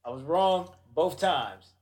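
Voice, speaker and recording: An excitable man with a slightly high voice chats loosely about wrestling. He laughs often and stumbles over repeated words as he talks. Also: slow. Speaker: podcast co-host. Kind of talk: casual wrestling chat.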